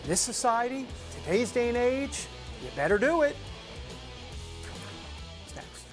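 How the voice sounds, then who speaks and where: A woman's voice: fairly high pitch, big pitch swings, measured pace, long pauses. Woman talk show host, chatty, laughing asides, faint music behind. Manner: chatty, laughs while reading. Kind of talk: casual political talk show.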